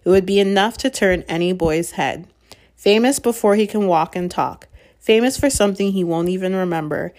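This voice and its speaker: A woman's voice: mid-range voice, moderate pace, a little mellow, lightly acted. A woman reading aloud, voicing a wise old male wizard who speaks heavily, firmly and seriously. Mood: grave. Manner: heavy, firm, serious.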